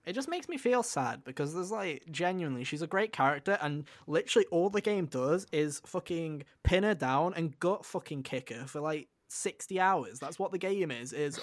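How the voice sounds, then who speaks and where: A man co-hosting a casual video game podcast, excitable and swearing freely, repeating himself as he talks. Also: fairly high pitch, moderate pace, hardly any pauses, dry recording. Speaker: podcast co-host and game reviewer. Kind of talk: casual spoiler chat.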